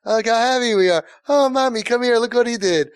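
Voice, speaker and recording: A man's voice: very high-pitched, fast talker, clear, resonant tone, voice pushed up. A man voicing an overly enthusiastic parent who showers fake praise in exclamations. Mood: gushing. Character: gushing, fake-cheerful parent, middle-aged.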